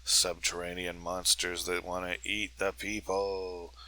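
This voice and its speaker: A man's voice: deep voice, monotone, measured pace, pushed and bright, poor audio. A man hosting a comedy podcast, rambling through a jokey, crude monologue. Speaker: podcast host.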